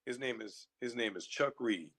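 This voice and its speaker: Earnest former football player telling stories. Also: male voice, medium pitch, moderate pace, a bit bright. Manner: earnest, storytelling, opinionated. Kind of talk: casual radio talk.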